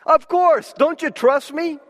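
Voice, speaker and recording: Man doing the Lord in a sermon joke, high for a man, gentle, coaxing, long church reverb. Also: slow pace, full character voice. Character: the Lord in a joke, calm and reassuring.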